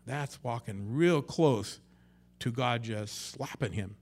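Male pastor, conversational sermon, mid-pitched voice, dynamic loud-soft delivery, acts out quotes. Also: takes it slowly. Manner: conversational, swings between loud and hushed.

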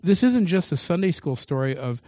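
A man's voice: a little high, very animated, moderate pace, mellow, dry recording. A man preaching a sermon as pastor, reading scripture aloud and commenting on it with shifting emphasis.

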